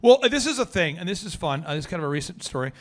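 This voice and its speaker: A man hosting a podcast, telling stories in a slangy, animated, energetic way. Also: sits high, racing. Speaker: podcast host. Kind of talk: casual podcast chat.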